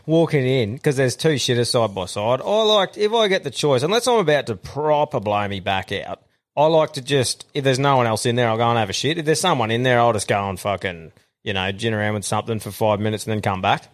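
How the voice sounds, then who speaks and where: A man's voice: mid-range voice, animated, a little fast. A man co-hosting a podcast in loose, crude banter. He swears freely, laughs through his stories and breaks into voices to act them out. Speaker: podcast co-host.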